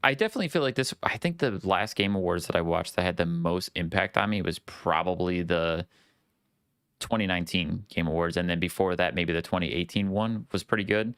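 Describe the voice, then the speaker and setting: A man hosting a gaming podcast, talking casually and at length in a relaxed, rambling way. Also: deep voice, a little fast, clear, resonant tone, no room sound, studio quality. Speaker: podcast host.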